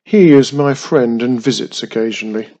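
A man voicing a grumpy male talking flying castle, booming and loud, with old-fashioned phrasing. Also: moderate pace, natural voice.

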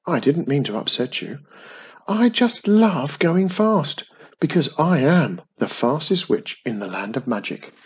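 A man voicing a cheerful, curious young female witch, pitched high and eager. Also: sing-song, a little slow, a little mellow, husky, muffled recording, exaggerated voice. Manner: eager, stuttering when nervous.

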